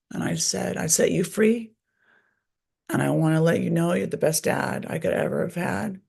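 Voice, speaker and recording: A woman's voice: fairly low pitch, gravelly, a little mellow, husky. A middle-aged woman, a guest author, telling her story candidly and bluntly, with frequent swearing. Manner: blunt and profane, speaks openly. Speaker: guest author and recovery advocate.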